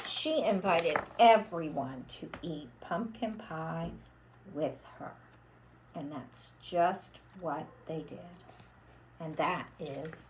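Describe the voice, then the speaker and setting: A woman's voice: sits low, background noise. A woman leading a children's storytime with a puppet, drawing out her words in a sing-song way. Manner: slow, sing-song, drawn-out for kids.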